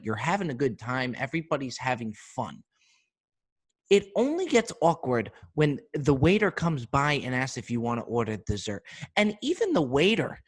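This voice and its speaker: A man hosting a podcast, riffing through an animated comedic monologue with frequent asides to his listeners. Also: fairly high pitch. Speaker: podcast host.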